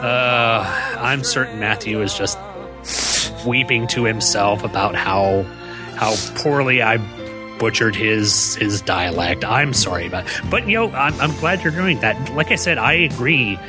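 A man's voice: fairly low pitch, animated, unhurried, over music. A man co-hosting a casual podcast, talking things through thoughtfully with frequent restarts. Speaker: podcast co-host. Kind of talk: casual comic book podcast chat.

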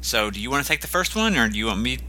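Man, podcast co-host, casual chat, very bright voice, lively pitch. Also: racing, slight background noise. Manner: hesitant, self-deprecating, full of ums and restarts.

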